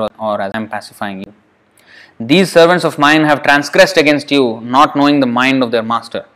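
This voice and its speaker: A man's voice: medium pitch, fairly bright tone. A man reading a scripture passage aloud and then explaining it in a lecture, with emphatic rhetorical questions, chuckles and many "you know" fillers. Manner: frequent fillers and restarts, emphatic. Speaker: scripture teacher. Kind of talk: scripture reading with sermon commentary.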